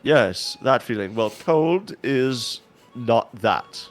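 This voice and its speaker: A man's voice: medium pitch, animated, extremely slow, faint music behind. A man joking around as a player in a tabletop game, patiently explaining things. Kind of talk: casual tabletop play.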